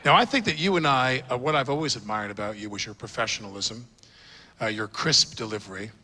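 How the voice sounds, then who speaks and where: Man giving a comic anecdotal toast, very bright tone, hall reverb with a faint crowd. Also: mid-range voice, a little fast. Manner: storytelling with comic timing. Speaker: toast speaker at a tribute event. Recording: roomy hall reverb, audience and noise.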